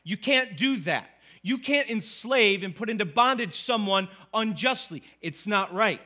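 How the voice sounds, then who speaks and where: A man's voice: high voice, bright, forceful tone. A man preaching a sermon to his congregation, talking casually and checking in with them with frequent questions. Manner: conversational, asks the congregation "right?". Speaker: pastor.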